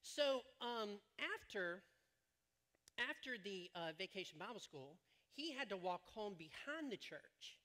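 A man's voice: high voice, sing-song, a little slow, bright, forceful tone. A man preaching a sermon from a church stage, telling stories in a joking, rambling way. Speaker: pastor.

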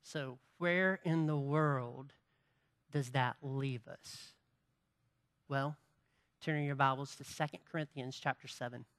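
Bright-voiced pastor preaching with emphasis. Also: medium pitch, fairly even intonation, slow pace, long pauses. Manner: preaching with rising emphatic passages and repetition; asks the congregation rhetorical questions. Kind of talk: sermon.

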